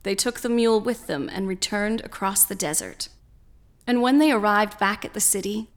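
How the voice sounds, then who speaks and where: A woman narrating a scripted story in a slow, measured way. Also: a little high, fairly bright tone.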